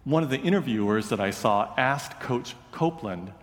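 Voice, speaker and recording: A man preaching a sermon, retelling a story in an earnest, measured way. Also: medium pitch, lively intonation, reverberant, long reverb tail. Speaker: pastor.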